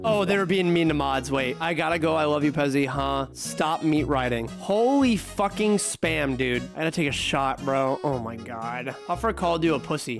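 A man's voice: on the high side, creaky. A man streaming live, reading ban appeals aloud in casual chat, swearing and joking as he gets tipsy. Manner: swearing, joking, quick to laugh. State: getting tipsy from drinking. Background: music playing.

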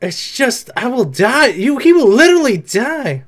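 A man's voice: extremely high pitch, sing-song, a little slow. A young man talking back at the screen in casual reaction commentary, chatty and swearing now and then. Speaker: reaction video host.

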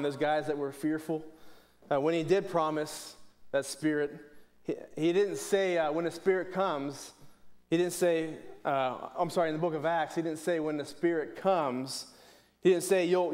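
A man's voice: fairly high pitch, darkish tone. A man from preaching a sermon in church, earnest, often restarting and repeating words. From Pittsburgh, USA.

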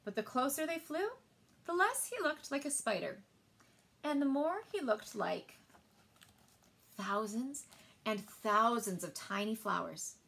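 A woman librarian reads picture books aloud, expressive and sing-song. Her voice sits a bit high and rises and falls with lively movement. Gentle storytime narration. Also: a little slow, gravelly, long pauses.

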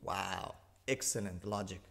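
A man's voice: unhurried, gravelly, a little hiss or hum. A man delivering a sarcastic, emphatic argumentative monologue as a religious commentator, hammering points home with repetition. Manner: repeats points for emphasis with big swings in pitch and loudness. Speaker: religious commentator rebutting a video.

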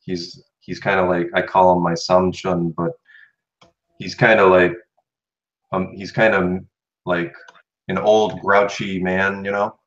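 American man, very low voice, relaxed chatty student in a casual lesson, slightly dull recording. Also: slow pace, pauses often. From United States. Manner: relaxed, chatty, repeats words after the teacher.

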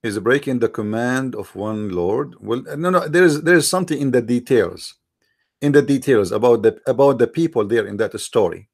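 A man's voice: medium pitch, moderate pace, gravelly, darkish tone. A man hosting a live-streamed religious debate, speaking with a mocking, argumentative tone, firing rhetorical questions at his viewers in non-native English grammar.

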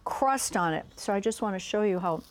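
A woman's voice: mid-range voice, lively intonation, fairly quick, slight background noise. A woman, a cooking guest on a TV studio set, chatting casually through a demo and gushing over the food with plenty of exclamations. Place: TV studio kitchen.

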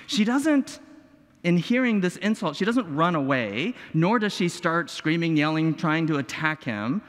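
A male pastor preaching a sermon, expressive and full of rhetorical questions and dramatic pauses. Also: on the high side. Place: church sanctuary. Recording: long hall reverb.

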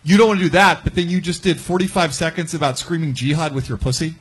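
A man's voice: a little high, steady tone, fast, breathy edge. A man on a live comedy panel, blunt and provocative as he roasts a comic.

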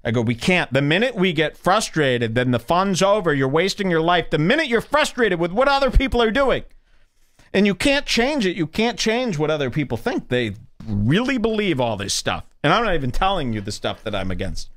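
A man's voice: a little high, very animated, brisk, fairly bright tone. A man hosting a podcast, delivering a rambling, mock-serious comedic monologue with sarcastic, theatrical swings in his voice. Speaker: podcast host.

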